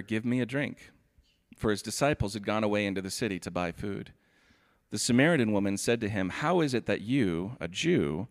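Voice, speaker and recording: Male pastor, lower voice, sermon delivery, steady reading mixed with casual asides. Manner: reads scripture steadily, then comments in a relaxed, chatty way with "like".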